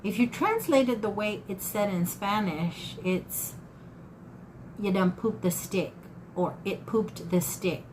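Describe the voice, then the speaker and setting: A woman in her fifties, a folksy and talkative haul vlogger, chats casually to camera and calls her viewers y'all. Her medium-pitched voice is expressive, slow and somewhat dark, on a low-quality recording with faint background noise.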